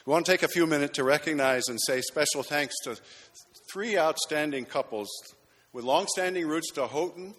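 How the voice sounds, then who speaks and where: A man's voice: a little high, moderate pace, fairly bright tone, breathy edge. A man, a pastor, making chatty, lightly joking announcements and honoring people in a church sanctuary. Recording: long reverb of a church hall.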